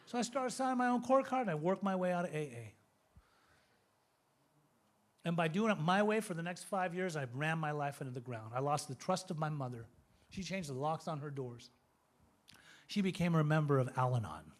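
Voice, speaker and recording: A man in his fifties giving a recovery testimony, telling his story in an animated, joking way. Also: a little high, a little fast. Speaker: recovery speaker.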